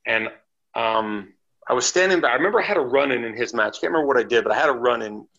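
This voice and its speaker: A man, a former wrestler, telling chatty, animated anecdotes as a guest on a podcast interview. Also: mid-range voice, quick pace, dull audio. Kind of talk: casual storytelling interview.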